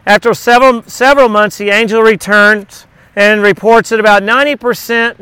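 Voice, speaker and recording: A man's voice: sits high, bright, forceful tone, clear, resonant tone, dry recording. A middle-aged man leading a Bible study in an informal sermon, talking conversationally, repeating key words and slipping in jokes.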